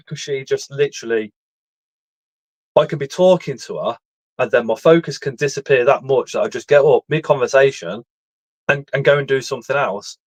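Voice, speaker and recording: A man's voice: medium pitch, dry recording, poor audio. Blunt, swearing man, dry close sound. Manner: blunt, swears freely, rambling. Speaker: livestream speaker reading chat. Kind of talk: candid casual chat.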